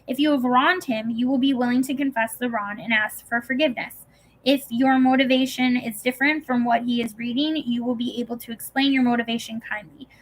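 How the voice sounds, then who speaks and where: A woman reading an audiobook in a calm, even scripted narration with gentle emphasis. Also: a little high, fairly quick, slight background noise, poor audio.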